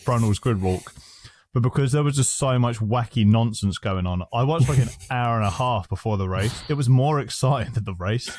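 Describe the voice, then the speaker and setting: A man co-hosting a podcast, telling stories in animated casual chat and laughing often. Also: medium pitch, moderate pace, no room sound. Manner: animated storytelling, laughs a lot, swears. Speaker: podcast co-host.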